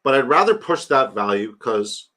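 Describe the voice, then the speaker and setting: A man's voice: medium pitch, very animated, moderate pace, bright, forceful tone. A man hosting a casual livestream, rambling about his draft, reading chat aloud and hyping a giveaway. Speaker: livestream host.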